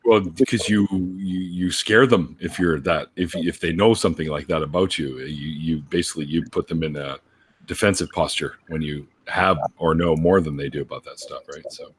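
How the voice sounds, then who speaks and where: A man's voice: low voice, moderate pace, breathy edge. A man hosting a casual conversation, laid-back and loose, swearing and laughing often. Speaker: host.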